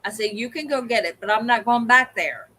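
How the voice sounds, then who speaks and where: A woman's voice: on the high side, animated, a little fast, sharp tone, low-quality recording. A woman co-hosting a livestream, telling a story in casual chat and acting out the people she quotes. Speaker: co-host of a livestream hangout.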